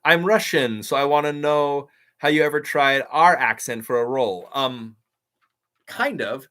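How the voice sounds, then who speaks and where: An upbeat man casually chatting on a live stream and reading out viewer comments. His voice sits at an ordinary pitch, and he talks eagerly and loosely, full of "like" and "um". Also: unhurried, pushed and bright. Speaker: YouTube creator hosting a live stream.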